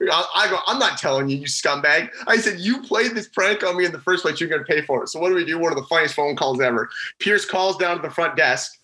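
A man's voice: on the high side, fast, few pauses, rough recording. A young man, a former college hockey player, telling a prank story in a casual interview and acting out his friends' lines. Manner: animated, acts out the voices of friends in his story.

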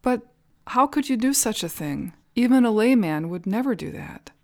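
A young novice monk, exhausted and pleading, begs his master for rest, as a woman narrator voices him. His lines sit a touch higher than the telling around them. The sound is dry and close, with no room around it. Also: animated, normal speed, a little mellow, no echo. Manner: breathless, plaintive asking.

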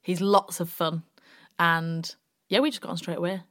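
A young woman from Bradford speaks with a broad West Yorkshire accent, her voice sitting a little low for a woman. She chats freely as an interview guest, winding through long, rambling anecdotes about her radio work. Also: fairly even intonation, moderate pace, fairly bright tone. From Bradford, West Yorkshire, England. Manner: chatty, long-winded storytelling. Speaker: radio presenter, podcast guest. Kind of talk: casual interview chat.

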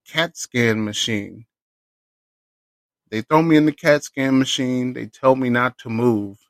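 A man hosts his own podcast and talks through a personal story alone. His delivery is loose, profane and animated. His voice sits at an ordinary middle pitch, and the recording is close and dry with no room sound. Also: no room sound. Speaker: podcast host. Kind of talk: casual solo storytelling.

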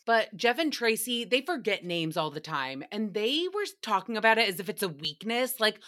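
A woman's voice: fairly high pitch, very animated, moderate pace, a bit bright. A young woman hosting a podcast, recapping a show alone in a sassy, profane, chatty way with acted-out quotes. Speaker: podcast host. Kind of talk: casual solo recap commentary.

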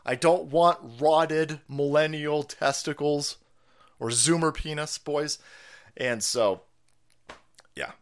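Gravelly, high-pitched foul-mouthed ranting man. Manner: loud, foul-mouthed, rambling, quick to laugh. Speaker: stream host. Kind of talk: profane ranting livestream monologue.

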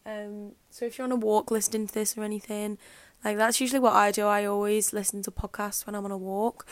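A woman's voice: medium pitch, flat delivery, fast talker, no room sound. A young woman hosting her podcast, chatting casually and rambling with lots of "like" and "um". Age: young adult. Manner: chatty and rambling, fills speech with "like" and "um". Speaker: podcast host. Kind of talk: casual solo podcast chat.

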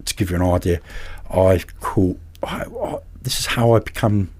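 A man, a podcast guest and carp angler, telling anecdotes in a lively way and acting out the voices of people in them. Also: sits low, moderate pace, slightly rough. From England. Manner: animated, acts out other people's voices in anecdotes. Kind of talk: casual storytelling.

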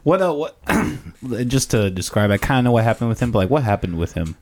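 A young man hosting a podcast, asking relaxed questions full of "like" and "you know". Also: mid-range voice, fairly quick. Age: young adult. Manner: relaxed, filler-heavy questions. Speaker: podcast host. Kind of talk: casual interview chat.

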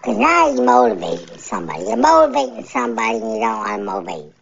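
A man's voice: high voice, huge pitch swings, fast talker, gravelly, fairly bright tone, husky. A man ranting alone on his podcast, rambling and irritated, repeating his phrases. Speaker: podcast host. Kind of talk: solo podcast rant. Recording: dull lo-fi recording.

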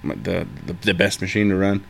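A man who works as a heavy equipment operator, talking as a podcast guest in a halting way full of restarts. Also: low-pitched, gravelly, fairly bright tone. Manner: halting, many restarts and repeated words. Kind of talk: casual conversation.

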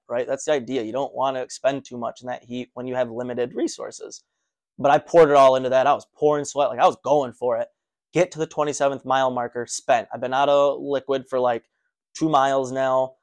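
Man animatedly recounting a running story. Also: medium pitch. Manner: animated, breathless recounting with restarts. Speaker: runner telling his own story. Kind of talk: casual personal storytelling.

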